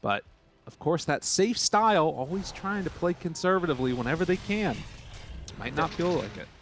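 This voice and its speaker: A man with a North American accent co-casting a live esports match in a relaxed, conversational way. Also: fairly high pitch, moderate pace, over music. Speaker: esports caster.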